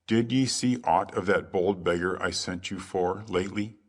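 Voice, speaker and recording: Guy doing a cheeky outlaw chief, teasing, old-timey talk, low voice. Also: moderate pace. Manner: teasing, archaic speech. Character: bold cheerful outlaw leader man.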